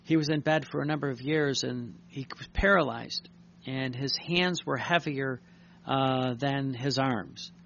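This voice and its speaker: Gravelly-voiced man preaching a sermon. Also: mid-range voice, unhurried, fairly bright tone, a little hiss or hum. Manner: earnest, reflective preaching with frequent restarts. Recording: dull lo-fi recording.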